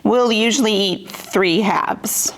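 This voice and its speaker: A woman's voice: medium pitch, slow, slight background noise. A woman co-hosting a show, walking through a simple recipe and talking about books in an easygoing way, laughing often. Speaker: co-host and executive producer. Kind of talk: casual cooking and book chat.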